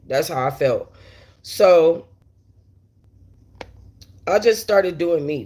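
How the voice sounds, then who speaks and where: A woman's voice: low-pitched, lively intonation, very slow, long pauses, mellow. A woman hosting a casual livestream, telling a story bluntly and with plenty of profanity while talking straight to her viewers and reading their chat. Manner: talks straight to viewers with many asides.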